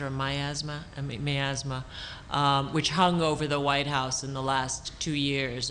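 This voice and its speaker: A woman author answering audience questions on a panel at a public talk, thoughtful and halting, with many restarts and fillers. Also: low-pitched, a bit bright, slight background noise. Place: auditorium stage.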